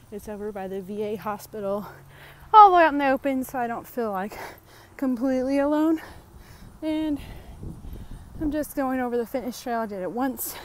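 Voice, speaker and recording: Chatty woman vlogging outdoors, slightly high voice. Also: a little hiss or hum. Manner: chatty, rambling, lots of fillers. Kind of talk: casual chatty vlog. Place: outdoors at a park fitness trail.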